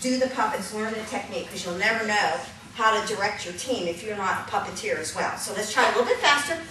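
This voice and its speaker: A woman leading a hands-on puppetry workshop, energetic and upbeat, laughing often and counting the group along. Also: mid-range voice, quick pace. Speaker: puppetry instructor. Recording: echoey room from a distance, noisy.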